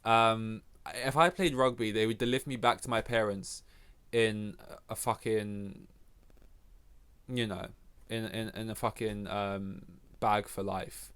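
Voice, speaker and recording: A man's voice: fairly low pitch, steady tone, unhurried, fairly bright tone, clean tone. Young English male podcast host, rambling and profane, talks in loose self-mocking asides. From England. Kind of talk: casual solo podcast rant.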